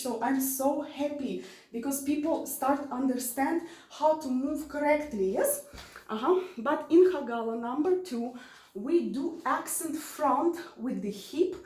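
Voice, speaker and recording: A woman's voice: high-pitched, dark tone. A woman teaching an online dance lesson, counting beats aloud and repeating her cues. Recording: roomy sound from far off.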